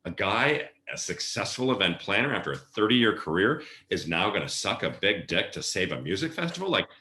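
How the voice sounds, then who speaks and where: Deep-voiced man telling animated stories. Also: fairly quick. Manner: animated storyteller acting out quoted voices. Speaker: podcast guest, event planner. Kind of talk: casual storytelling interview. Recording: roomy echo.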